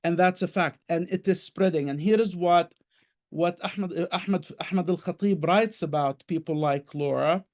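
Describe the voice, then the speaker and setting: A man's voice: sits high, normal speed, darkish tone. A man speaking as a guest on an online panel, passionate and emphatic, talking in short bursts and repeating words for stress.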